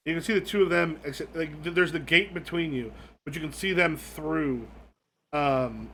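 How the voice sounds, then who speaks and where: A man's voice: on the high side, normal speed, a bit bright, a little hiss or hum. A man narrating as game master, rambling and full of fillers while he improvises.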